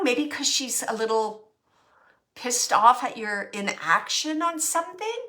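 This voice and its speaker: A woman working as a medium, giving a spirit reading to an audience, speaking softly, musing aloud and often dropping to a whisper. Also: on the high side. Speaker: psychic medium.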